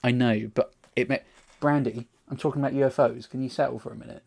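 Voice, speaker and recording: A man's voice: medium pitch, fairly even intonation, fast talker, gravelly, darkish tone, husky. A man co-hosting a casual podcast, telling rambling, sweary stories full of restarts. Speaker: podcast co-host. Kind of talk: casual chat.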